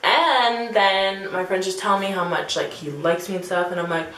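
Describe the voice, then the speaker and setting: A young adult woman vlogger telling a story in a lively, chatty way, acting out what people said and leaning on lots of "like" fillers. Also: fairly low pitch, moderate pace, few pauses. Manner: animated, acts out quotes, many "like" fillers. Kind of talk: storytime vlog. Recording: echoey room with faint hum.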